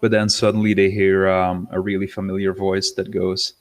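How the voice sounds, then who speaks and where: Low-voiced man narrating a game scene. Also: flat delivery. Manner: halting, with many ums. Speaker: player.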